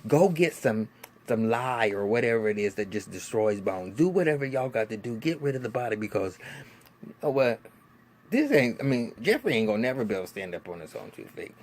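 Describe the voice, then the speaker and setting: A man giving a casual vlog review of a TV episode, animated and profane, with lots of restarts and laughing asides. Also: medium pitch, a little fast. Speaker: TV show reviewer.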